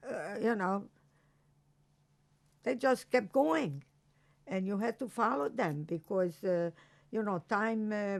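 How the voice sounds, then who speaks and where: An older woman from Croatia giving an oral history testimony, recalling events slowly with halting restarts. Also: medium pitch, gravelly. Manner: slow, halting recollection with restarts. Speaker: interviewee.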